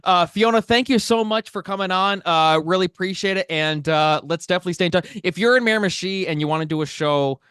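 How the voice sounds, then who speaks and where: Guy hosting a podcast, smooth clear voice, kinda high for a guy, dry close sound, lots of uh and like. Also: fast talker, hardly any pauses, a bit bright, no echo. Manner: enthusiastic, many fillers like uh and like. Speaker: podcast host. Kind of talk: casual interview chat.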